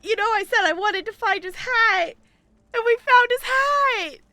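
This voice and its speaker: Chatty girl gamer streaming, bright bouncy voice, talks to chat a lot. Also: very high-pitched, animated, unhurried, dry recording, soft background music. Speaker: game streamer. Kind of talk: live gameplay commentary.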